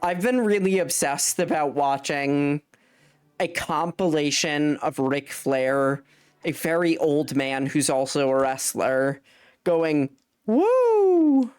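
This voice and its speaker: A young adult woman with a low, resonant voice speaks slowly and clearly with fairly even intonation. She's live-streaming a game, rambling casually, swearing freely and laughing mid-sentence. Faint game music plays behind her.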